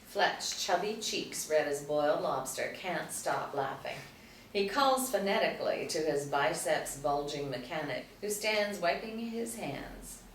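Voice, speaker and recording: A woman reads screenplay action lines in a steady, plain way, her voice very low for a woman. She sounds distant in a roomy space, with a faint hum beneath. The reading stays even throughout. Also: a little slow. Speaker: narrator reading stage directions. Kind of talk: screenplay table read narration.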